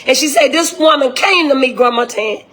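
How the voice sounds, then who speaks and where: Older grandmother with a high voice, fired-up and indignant, speaking straight to camera. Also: normal speed, fairly bright tone. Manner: indignant, impassioned, repetitive direct address. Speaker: grieving grandmother. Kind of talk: emotional direct-address video.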